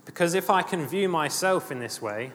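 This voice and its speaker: A man's voice: on the high side, expressive, moderate pace, a bit bright. Earnest male preacher in a reverberant hall. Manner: earnest, rising emphatic passages, repeats phrases. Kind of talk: sermon. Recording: long hall reverb, faint ambient noise.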